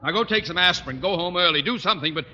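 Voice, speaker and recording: An actor playing a pompous, bossy school principal in a 1940s radio sitcom, indignant and bellowing. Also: male voice, sits high, expressive, very fast, pushed and bright, lo-fi sound, exaggerated voice. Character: blustering pompous middle-aged male school principal. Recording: hissy old radio broadcast recording.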